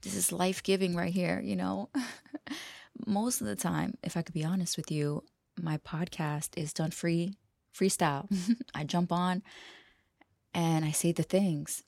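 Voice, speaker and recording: Gravelly low woman, rambling podcast talk. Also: unhurried, no echo, clean studio sound. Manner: rambling, laughs often, drops to a hushed whisper at times. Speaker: podcast host. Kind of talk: casual freestyle monologue.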